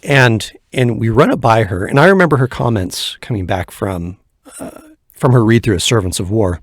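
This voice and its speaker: Low-voiced man, short agreeing replies. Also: moderate pace, no room sound. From California. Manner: brief agreeing interjections, relaxed storytelling. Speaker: podcast co-host. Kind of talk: casual chat.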